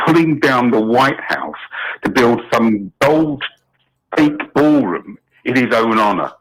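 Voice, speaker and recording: A man's voice: mid-range voice, very animated, slow, low-quality recording. A middle-aged British man calling in to a talk show, indignant and rambling, with many restarts. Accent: British English. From Britain. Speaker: caller. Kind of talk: phone-in call.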